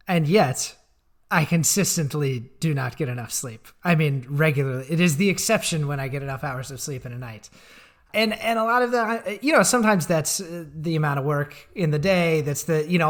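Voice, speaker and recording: A man co-hosting a casual podcast from a makeshift recording setup, talking candidly and with self-deprecation, swearing now and then. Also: a little high. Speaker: podcast co-host. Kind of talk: casual chat. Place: makeshift setup in a small town.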